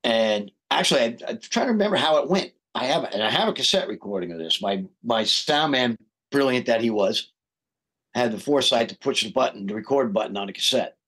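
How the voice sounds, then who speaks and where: A man's voice: mid-range voice, brisk. A man, a guest singer, telling a story in casual podcast talk and acting out the quoted dialogue. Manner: animated, acts out quoted dialogue.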